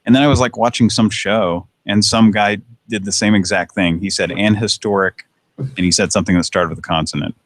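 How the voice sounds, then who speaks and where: A man's voice: on the low side, fairly even intonation, a little fast, no echo. A man hosting a casual call-in chat show, rambling, correcting himself and swearing. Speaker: host. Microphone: internet call.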